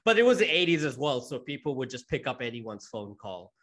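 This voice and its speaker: Young Aussie male guest, mid-pitched voice, easygoing and agreeable, casual swearing. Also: very animated, a little fast, fairly bright tone. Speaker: podcast guest. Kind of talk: casual podcast chat.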